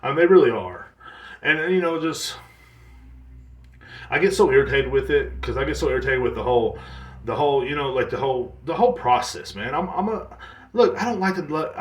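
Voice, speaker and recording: A man hosting his own podcast, ranting in a profane, exasperated comedic monologue with quick mimicked asides. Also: mid-range voice, a bit bright, roomy sound. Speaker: podcast host. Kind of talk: solo comedic rant.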